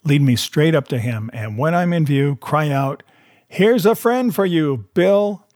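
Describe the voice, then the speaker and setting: A man's voice: mid-range voice, moderate pace, darkish tone, lightly acted. A man doing a cruel, menacing blind old beggar. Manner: wheedling sing-song turning to cold threats. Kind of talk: storybook reading.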